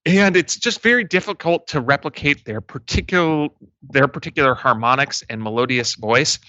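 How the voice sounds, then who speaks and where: A man's voice: medium pitch, moderate pace, bright, forceful tone, no room sound, dull audio. A man narrating a tabletop game as game master, casual and full of fillers. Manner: casual, many fillers and restarts.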